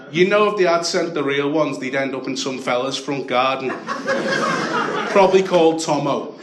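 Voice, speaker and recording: A young man with a Liverpool accent doing a stand-up set, telling stories deadpan and then shouting the punchlines. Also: fairly high pitch, heavy background noise. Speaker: stand-up comedian. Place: comedy club stage with a laughing audience. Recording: echoey club with audience laughter.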